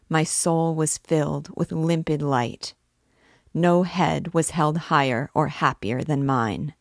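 A woman's voice: deep voice, creaky, no room sound, studio quality, heavily acted. A woman reading aloud voices a tormented male priest making a brooding, intense confession. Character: tormented middle-aged male priest, obsessive.

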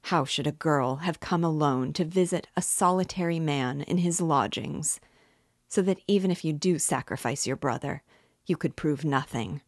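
A woman reading aloud as an obsessive, menacing male nobleman, slow and quietly intense. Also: deep voice, no room sound, studio quality. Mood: cold, mocking. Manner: slow, quietly intense pleading turning coldly mocking. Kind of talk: audiobook reading.

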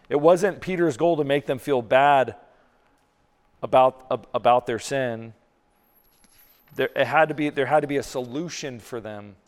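A man's voice: on the high side, clear, resonant tone. A man preaching a sermon as pastor, earnest, often repeating words as he builds a point. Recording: long hall reverb.

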